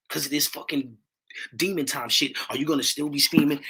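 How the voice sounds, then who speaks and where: A man hosting his own livestream, talking with passion in a preachy way, repeating catchphrases and rising to near-shouts. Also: a little high, fairly quick, husky. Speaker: livestream host. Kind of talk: impassioned livestream talk.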